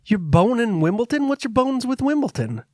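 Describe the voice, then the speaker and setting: Podcast guy teasing his buddy, pretty high voice, dry close sound. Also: big pitch swings, moderate pace, no echo. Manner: teasing, jokey. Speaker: podcast co-host. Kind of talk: casual podcast chat.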